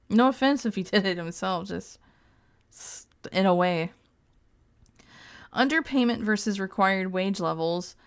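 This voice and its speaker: A woman's voice: mid-range voice, clear, resonant tone. A woman streamer reading text aloud in casual live-stream commentary, breaking off into crude, joking asides and frequent laughs. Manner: laughs often.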